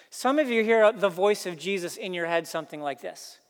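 A pastor preaching a sermon, earnest, building emphasis through repeated phrases. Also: male voice, sits high, fairly quick, few pauses, clear, resonant tone, big-room sound.

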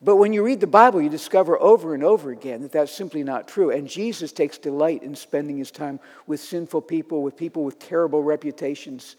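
A man's voice: fairly high pitch, fairly quick, few pauses, darkish tone. Man preaching in an echoing hall. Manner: conversational, storytelling with acted quotes. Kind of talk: sermon. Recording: long reverb of a large hall.

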